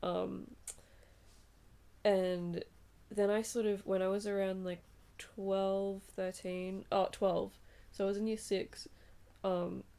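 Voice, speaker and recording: A woman's voice: medium pitch, slow, smooth. A young woman in her twenties from Australia, co-hosting a podcast in casual, chatty talk, sleepy late at night. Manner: relaxed, chatty, swears and giggles. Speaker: podcast co-host. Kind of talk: casual chat.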